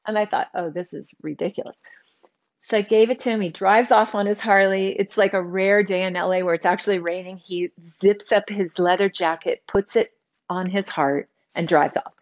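A middle-aged woman tells a personal story as an interview guest. She is animated and switches into the voices of the people she quotes. Her pitch sits in an ordinary middle range. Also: moderate pace, dull audio. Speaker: author and guest.

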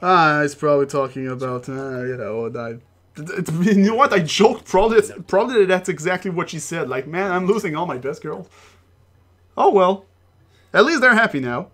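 A man's voice: a little high, expressive, normal speed, a bit bright. A man casually commenting while playing a video game, rambling, swearing and laughing often. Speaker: let's play host.

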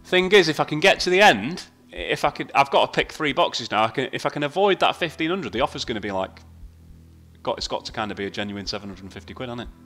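A man commenting casually on his slot play. He swears freely, talks to himself and shouts at the game. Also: medium pitch, lively intonation, fast talker, faint music behind. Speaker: slot video host. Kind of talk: casual commentary while playing slots.

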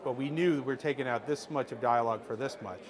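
A middle-aged man telling a lively behind-the-scenes story to a workshop audience, acting out what people said, with frequent restarts. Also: mid-range voice, fast talker, crowd noise. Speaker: screenwriter speaking to a workshop audience. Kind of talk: animated storytelling anecdote.

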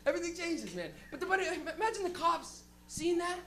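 A stand-up comedian doing a live set, rowdy and profane, breaking into loud shouted impressions. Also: extremely high pitch, sing-song, a little fast, hardly any pauses.

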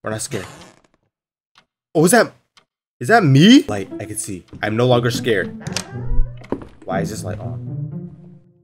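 A young man playing a horror game on his channel, jumpy, swinging between nervous muttering and sudden shouts. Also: medium pitch, big pitch swings, slow, long pauses, faint music behind. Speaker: gaming YouTuber. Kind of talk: horror game let's play commentary.

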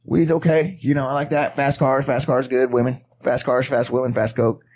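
A man's voice: mid-range voice, level tone, moderate pace, darkish tone, lightly acted. A man doing an impression of a hard-partying male celebrity, rambling through a boastful list of his vices.

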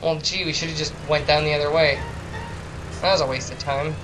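Man, rambling let's play talker, slightly high voice, game music behind. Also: fairly even intonation, brisk, low-quality recording. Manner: rambling, self-deprecating, chatty asides. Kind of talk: casual gaming commentary.

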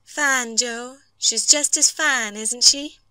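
A woman voicing a young frontier wife and new mother who speaks softly and pleads, rising into worry. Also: on the high side, slow pace, smooth, dry recording, voice pushed up, exaggerated voice. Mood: tender. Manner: soft, pleading, rising to alarm.

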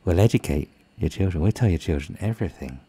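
A man's voice: sits low, expressive, quick pace, warm tone, slight background noise. Man putting on a smarmy British government official. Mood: patronizing. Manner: soothing, condescending, falsely caring. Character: smooth patronizing male government official, controlling.

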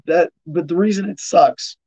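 A man's voice: high voice, normal speed, a little mellow, slightly rough, poor audio. A man hosting a podcast, reading headlines and riffing on them sarcastically, with frequent restarts and laughs. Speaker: podcast host. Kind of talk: casual news commentary.

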